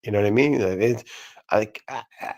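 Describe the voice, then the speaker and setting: Stream host, man, lowish voice, crude joking banter full of fillers. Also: fairly even intonation, fairly quick, darkish tone. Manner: profane, filler-heavy, joking. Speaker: streamer hosting a panel. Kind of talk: casual chat.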